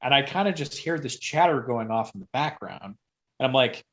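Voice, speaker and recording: A man who is a guest on a podcast, telling a story casually and rambling, with sudden loud bursts when he acts out quotes. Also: mid-range voice, animated, a little fast.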